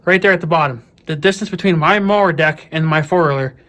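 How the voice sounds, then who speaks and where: A man's voice: fairly high pitch, fast talker, a bit bright, a little hiss or hum. Profane, exasperated man ranting. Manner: profane, exasperated, repeats himself and stumbles over words. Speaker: vlogger. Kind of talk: casual angry rant. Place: at home, near his mower and four-wheeler.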